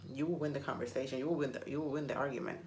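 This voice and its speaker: A woman's voice: very deep voice, steady tone, very fast, darkish tone, a little hiss or hum. A woman whose first language is Spanish, chatting casually to camera and rambling with self-mocking humor. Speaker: vlogger.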